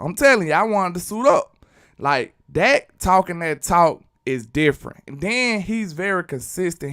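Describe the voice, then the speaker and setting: A man's voice: high-pitched, fairly bright tone, clean tone. A man from Alabama, hosting a casual live sports stream and answering viewers' chat. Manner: reads out and answers chat comments. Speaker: sports channel host.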